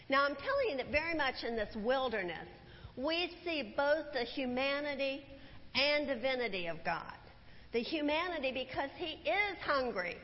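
Woman preacher, sermon; high voice, unhurried storytelling with rhetorical questions; dull church recording with long reverb. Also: expressive. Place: church sanctuary.

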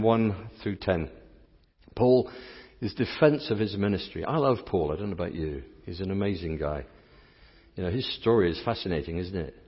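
A man preaching a lively sermon, playful and coaxing the congregation to join in. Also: sits low, husky. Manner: playful, coaxes the crowd to join in. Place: church sanctuary. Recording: dull sound, long church reverb.

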